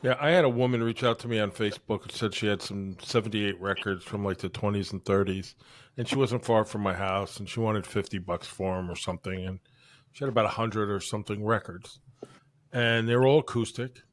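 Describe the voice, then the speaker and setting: A man co-hosting a casual chat, telling a rambling anecdote in a relaxed way. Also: fairly low pitch, a little fast, no room sound. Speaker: co-host.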